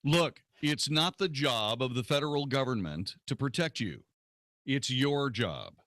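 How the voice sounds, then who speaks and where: A man hosts a talk radio show from the studio, blunt and cutting, with a sarcastic edge. His voice sits at an ordinary middle pitch. The sound is close and dry, with no room around it. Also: lively intonation, unhurried, a bit bright, dry recording. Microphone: studio microphone.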